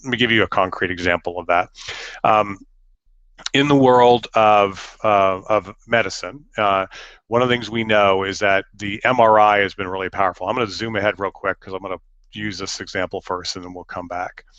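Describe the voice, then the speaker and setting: A man's voice: lowish voice, fairly even intonation, moderate pace, a bit bright, dry recording, lo-fi sound. A middle-aged man giving an education webinar talk, a chatty storyteller with self-deprecating humor and frequent fillers. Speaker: education presenter. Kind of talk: webinar talk with personal anecdotes.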